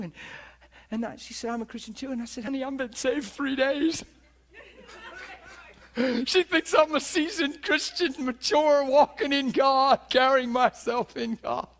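A man preaches with a high, bright voice into a handheld mic. He tells his story in an animated way and acts out the other people in it. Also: measured pace. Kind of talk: storytelling sermon. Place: teaching hall before an audience.

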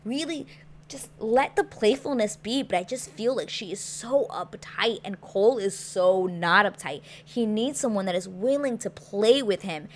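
A young woman hosting a casual show recap, chatty and animated, with plenty of filler words. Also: medium pitch, moderate pace, slight background noise. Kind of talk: casual chat.

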